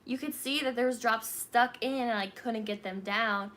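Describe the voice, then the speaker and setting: A woman's voice: fairly high pitch, normal speed, a bit bright. A woman guest talking casually about her early days as a new mother, rambling with lots of "like". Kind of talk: casual chat.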